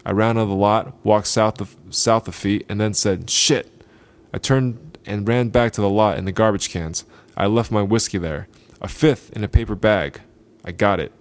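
A male podcast host gives a slow, careful reading of a gritty short story. His delivery is deliberate, and his voice is fairly low and steady.

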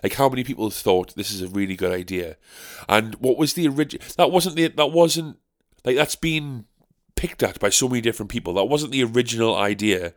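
A man's voice: mid-range voice, fairly quick, dry recording, studio quality. A young man from North East England, hosting a casual solo podcast, rambling and sarcastic, swearing freely. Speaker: podcast host.

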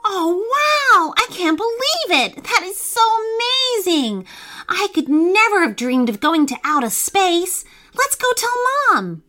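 A woman voicing a young boy fox in a storybook, eager and easily frightened, with high squealing exclamations. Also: very animated, normal speed, few pauses, bright, forceful tone, full character voice. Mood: thrilled.

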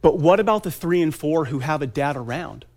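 A man in his thirties giving an earnest motivational talk at a conference, with dramatic pauses and emphatic lists. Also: on the high side, expressive, a little mellow.

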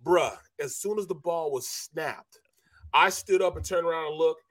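Animated storytelling man, fairly high voice. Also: moderate pace, no echo. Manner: animated storyteller, acts out quotes. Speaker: co-host, former NFL lineman. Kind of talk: casual sports radio storytelling.

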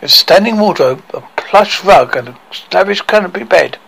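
Gravelly man reading a storybook haltingly. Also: high voice, animated, fairly bright tone, rough recording. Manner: halting reading, frequent stumbles and self-corrections. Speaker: narrator.

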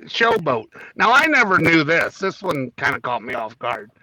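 A man co-hosting a loose, joking talk show, his voice still rough from the morning. His tone is bright and a little raised, and the sound is dry and close to the mic. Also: fairly high pitch, big pitch swings, measured pace, no room sound, low-quality recording. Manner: joking, reads trivia aloud with stumbles. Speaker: podcast co-host. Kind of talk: casual chat.

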